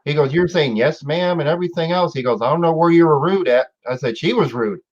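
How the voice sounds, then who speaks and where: A man's voice: a little high, a little mellow. Guy hosting a stream, rambly, keeps restarting, dull muffled sound. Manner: rambling, halting, many fillers and restarts. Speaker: host. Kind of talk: casual chat. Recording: dull lo-fi audio.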